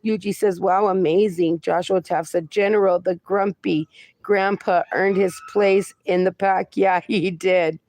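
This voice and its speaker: A woman's voice: on the low side, fairly even intonation, unhurried, darkish tone. A woman in her forties hosting a casual livestream, reading viewer comments aloud and answering them fondly, calling people "my darling" and "my friend". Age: 40s. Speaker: livestream host.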